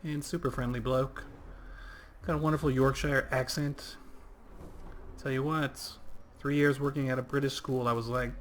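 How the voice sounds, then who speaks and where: A man's voice: mid-range voice, fairly even intonation, normal speed, vocal fry, a little hiss or hum. A man in his thirties giving casual, rambling gameplay commentary on a livestream while chatting with viewers. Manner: rambling and chatty, reading out chat. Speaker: game streamer.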